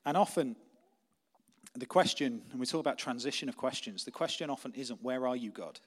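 Young male pastor, mid-pitched, chatty sermon delivery that sinks quiet and intense on key lines. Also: brisk. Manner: conversational, anecdotal preaching, softening to quiet intensity.

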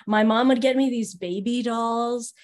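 A middle-aged woman from Northern California, an interview guest who works as a theater teaching artist, telling stories with lively quoted voices and frequent laughter over a video call. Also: fairly high pitch, measured pace.

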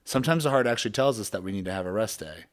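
A man's voice: on the low side, lively intonation, rapid-fire. Earnest motivational male coach. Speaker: guest, performance coach. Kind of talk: casual podcast chat.

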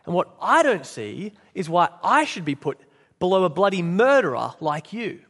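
A blustering, aggrieved male ghost, put on by a preacher reading aloud, who demands his rights. The voice sits high and pushes hard. It rings out with a long echo, as in a church hall. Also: sing-song, moderate pace, fairly bright tone, heavily acted. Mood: indignant.

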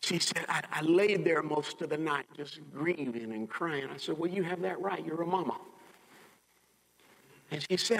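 A man's voice: fairly high pitch, normal speed, creaky, fairly bright tone, slightly rough, in a large hall, rough recording. A male pastor delivering an emphatic sermon, acting out the people he quotes in a raised, dramatic voice. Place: church sanctuary.

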